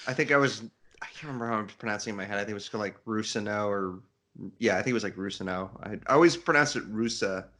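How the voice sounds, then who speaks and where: A man co-hosting a casual book-discussion podcast, joking, laughing often and jumping into higher voices to act out lines. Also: very fast, a bit bright. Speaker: podcast co-host.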